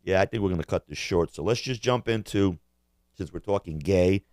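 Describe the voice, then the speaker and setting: Guy with a lowish voice ranting and cracking crude jokes, dry close mic. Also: fairly quick, darkish tone, dry recording. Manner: rambling, profane, jokey impressions. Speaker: podcast co-host. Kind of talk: crude casual rant.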